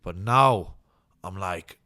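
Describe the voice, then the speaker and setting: Earnest low-voiced man. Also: slow pace, sharp tone. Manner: candid, earnest, rambling. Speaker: fighter guest. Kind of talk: casual interview talk.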